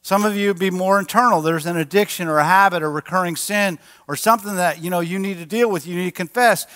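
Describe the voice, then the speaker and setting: Bright-voiced man preaching in a hall. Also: sits high, fast, few pauses. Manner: animated, acts out quotes with a raised voice. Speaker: pastor. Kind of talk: sermon. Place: church sanctuary. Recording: large church hall with long reverb.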